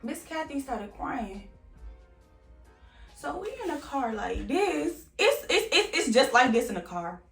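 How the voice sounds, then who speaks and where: A woman's voice: high voice, sing-song, a little slow, gravelly, long pauses, far from the mic. A young woman vlogger telling a candid, casual story and swearing freely. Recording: roomy, off-mic, faint music.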